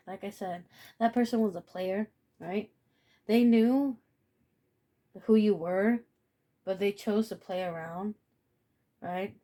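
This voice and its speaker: A woman's voice: medium pitch, vocal fry, mellow. A woman giving a casual spiritual reading to camera, blunt and profane, repeating phrases and laughing often. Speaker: tarot reader.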